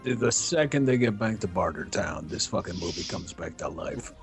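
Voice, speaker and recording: A man's voice: deep voice, lively intonation, moderate pace, faint music behind. A man co-hosting a casual movie commentary, making dry, sarcastic jokes. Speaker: podcast co-host.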